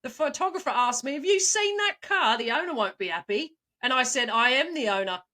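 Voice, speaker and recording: A woman's voice: high voice, expressive, a little fast, bright, forceful tone. Woman doing British accent, indignant middle-aged man, exaggerated, emphatic, comic impression. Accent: put-on British. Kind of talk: comic impression in podcast chat.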